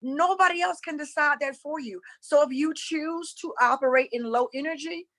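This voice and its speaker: A high-pitched woman talks like a preacher. She speaks emphatically, repeats her points and calls her listeners y'all. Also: normal speed, fairly bright tone, rough recording. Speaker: spiritual coach and former preacher. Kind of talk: impassioned preaching-style talk.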